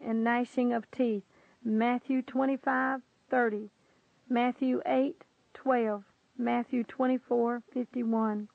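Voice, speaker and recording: A woman solemnly reading a first-person testimony aloud, slow and earnest, pleading at times. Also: on the high side, vocal fry, no room sound. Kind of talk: solemn scripted narration. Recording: tinny phone-like sound.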